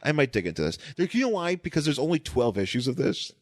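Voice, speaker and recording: A man's voice: medium pitch, big pitch swings, fast talker, dry recording. A man co-hosting a casual comic book podcast, joking and trailing off mid-sentence. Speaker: podcast co-host.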